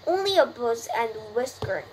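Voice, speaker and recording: A lazy, self-pitying rat from a storybook, drawling sarcastic complaints, as a woman reader puts him on. She is a native Korean speaker. Clear background noise runs under the reading. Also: a little high, very animated, moderate pace, poor audio. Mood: sarcastic grumbling. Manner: sarcastic, grumbling.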